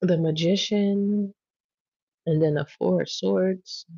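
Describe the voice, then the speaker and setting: A woman reads tarot on a livestream, laughing and teasing in casual chat while drawling and repeating phrases. Her voice is on the low side and mellow, steady and slow, with vocal fry. The sound is dry, dull lo-fi with no echo.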